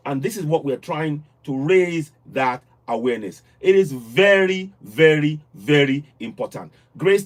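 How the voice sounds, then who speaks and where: A man's voice: fairly high pitch, husky. A man hosting a live call-in show, talking earnestly with frequent restarts and repeated words. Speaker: livestream host.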